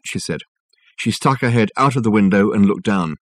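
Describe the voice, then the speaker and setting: A man narrating a novel as an audiobook reader, measured and wry. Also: lowish voice, animated, no room sound, studio quality. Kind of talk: scripted narration.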